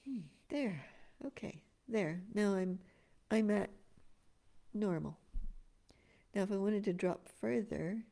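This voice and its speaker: A woman spiritual teacher giving an expressive energy-work talk to an online group, dropping to a breathy whisper in places. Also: mid-range voice, takes it slowly, pauses often.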